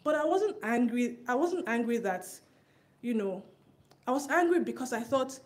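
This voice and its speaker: A woman giving a personal testimony at a church service, telling her story earnestly with quick asides, her voice rising at the tense moments. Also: on the high side, animated, a little mellow.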